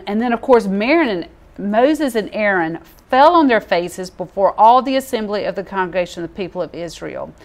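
Animated woman teaching from the Bible. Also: on the high side. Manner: conversational, animated, acts out quoted voices. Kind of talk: casual sermon with Bible reading.

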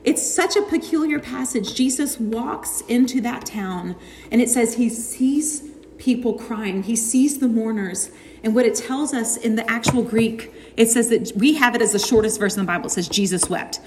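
In an echoey hall with long reverb, a young adult woman with a fairly high voice preaches a sermon on suffering at normal speed. Her delivery is earnest, heartfelt and warmly conversational, dipping now and then into casual asides, with a little hiss or hum on the recording.

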